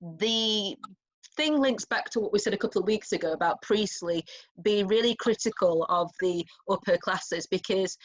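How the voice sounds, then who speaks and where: A woman with a fairly low voice explains a play to students in a relaxed revision chat. She is thoughtful and chatty, thinking aloud as she goes, and the lo-fi recording sounds dull and muffled. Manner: thoughtful, chatty, with restarts and small laughs. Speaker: English teacher. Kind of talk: informal revision discussion.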